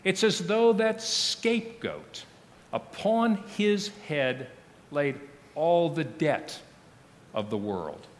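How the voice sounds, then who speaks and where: A man preaches in a church sanctuary with a long, ringing reverb. His delivery is slow and solemn, with a lively, rising-and-falling pitch. His phrases often drop to a near hush at the ends. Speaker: pastor. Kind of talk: sermon.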